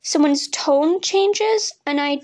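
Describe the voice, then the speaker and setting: A woman's voice: high-pitched, slow, darkish tone. A young woman hosting her own podcast, chatting casually and rambling, often laughing and losing her train of thought. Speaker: podcast host. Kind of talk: casual personal chat.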